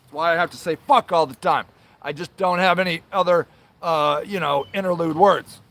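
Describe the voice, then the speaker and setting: High-voiced man on a profane rant. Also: fairly even intonation, normal speed, fairly bright tone. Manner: angry, profane, swears constantly; apologizes then rants on, trailing filler sounds. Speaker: show host. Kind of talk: livestream rant to viewers.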